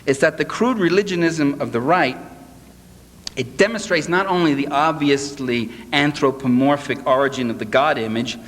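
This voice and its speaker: A man giving a live political lecture to an audience, sarcastic and animated, mocking the people he quotes. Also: on the high side, moderate pace. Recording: echoey hall, faint hiss.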